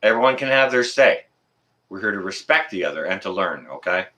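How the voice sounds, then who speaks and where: A man's voice: low voice, animated, fairly quick, bright, forceful tone. A man hosting his own livestream, ranting in a heated way, swearing and then apologizing for it. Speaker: livestream host.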